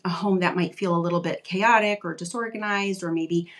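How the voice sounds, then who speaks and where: A woman's voice: on the low side, brisk. A woman giving parenting advice in a casual live question-and-answer stream, conversational and reassuring, with lots of "like". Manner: conversational, reassuring, frequent "like" fillers. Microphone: live video stream.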